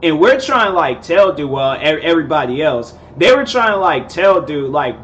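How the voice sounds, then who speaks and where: A man's voice: fairly high pitch, big pitch swings, normal speed, hardly any pauses, a bit bright, muffled recording, a little hiss or hum. A young man in his twenties telling a rambling, casual story, full of fillers and laid-back slang. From Seattle area, USA. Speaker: vlogger host.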